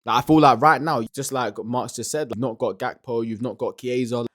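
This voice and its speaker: A man's voice: medium pitch, fairly even intonation, moderate pace, fairly bright tone, no echo, studio quality. A man hosting a podcast, giving casual, emphatic reaction commentary and often restarting his sentences. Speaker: podcast host reacting to a clip.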